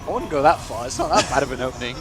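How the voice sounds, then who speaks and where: A British man casting a live strategy game match, lively and self-deprecating, sometimes correcting himself. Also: mid-range voice, very fast, over music. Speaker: esports commentator.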